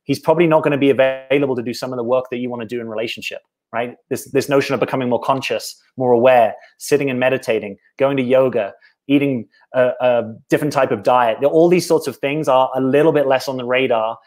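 A man's voice: medium pitch, fairly even intonation, fast talker, darkish tone. A British man, a dating coach, talking casually on a live stream, answering viewer questions in a reflective way and often adding "right?". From Britain.

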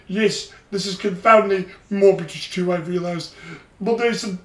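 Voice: mid-range voice, unhurried. An anime review host chatting through an episode recap in a rambling way, playing with a put-on British cockney voice. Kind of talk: casual solo episode review. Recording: roomy echo, distant from the mic.

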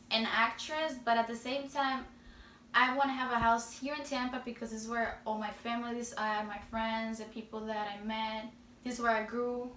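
Slow, giggly young woman with a Spanish accent. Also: a little high, fairly bright tone. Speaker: vlogger answering questions. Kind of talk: casual Q&A chat. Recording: roomy echo, distant mic, faint noise.

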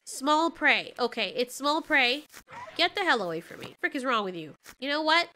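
Casual let's play lady, high bright voice, super reactive, swears a lot when stuff goes wrong. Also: sing-song, moderate pace, faint music behind. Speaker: gaming channel host.

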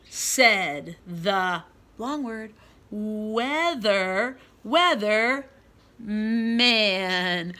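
A woman teaching a guided reading lesson for young children, sounding out letters clearly, reading quoted words loudly, and praising them often. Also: mid-range voice, drawn-out words. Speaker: preschool teacher.

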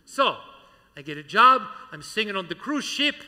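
A man's voice: high-pitched, sing-song, moderate pace, bright, forceful tone, long reverb tail, full character voice. A man playing a showy, sentimental Italian gondolier with a put-on Italian accent and broken English, chatting to a live audience on a school auditorium stage. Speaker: stage entertainer. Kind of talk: live comic stage patter.

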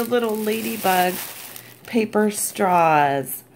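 Woman vlogger, low and gravelly, tired but gushing, casual chat. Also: animated, unhurried, darkish tone, slight background noise. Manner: gushing and chatty, squeals and laughs often. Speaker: crafting vlogger. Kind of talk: casual unboxing vlog.

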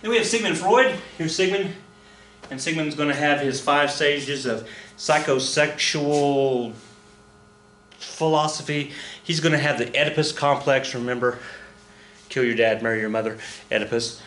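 A man's voice: fairly high pitch, normal speed, echoey room, a little hiss or hum. A man teaching a recorded history lesson, joking and acting out little voices as he explains. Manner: animated, jokey, acts out voices and counts dance steps. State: out of breath. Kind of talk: recorded classroom lecture.

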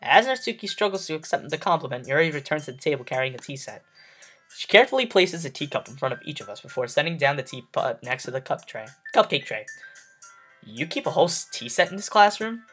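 A man reading a game's text aloud as its player, breaking off with expressive emotional reactions. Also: on the high side, fast, soft background music. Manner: expressive, reacting with emotional outbursts between read lines. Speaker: let's play host. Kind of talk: reading and reacting during a game playthrough.

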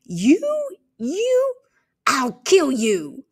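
A woman voicing a feisty young tomboy girl in a storybook reading, indignant and quick to shout. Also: on the high side, expressive, voice pushed up.

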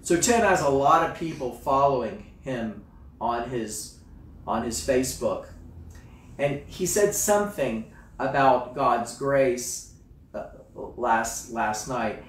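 A male pastor delivering a sermon, swinging between hushed, slow phrases and loud, emphatic exclamations. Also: medium pitch, lively intonation. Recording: roomy, distant mic with faint ambience.

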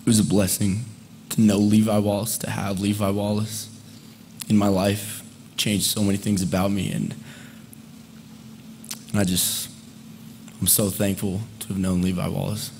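Young man giving a halting eulogy. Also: lowish voice, level tone, slight background noise. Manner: conversational, halting, with fillers and soft laughs. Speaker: eulogist, friend of the deceased. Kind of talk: memorial eulogy. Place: memorial service hall, indoors.

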